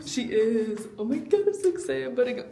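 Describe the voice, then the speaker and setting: A woman's voice: on the high side, expressive, quick pace, creaky. A young woman vlogging with a friend, giddy and squealing, laughing often. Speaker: dance vlogger. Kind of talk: casual chat. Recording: loud music behind.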